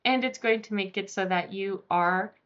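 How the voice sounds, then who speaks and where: A woman teaching a pronunciation lesson, explaining slowly and repeating example words, sometimes drawing them out. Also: medium pitch, a bit bright. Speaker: French teacher. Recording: muffled, dull lo-fi sound.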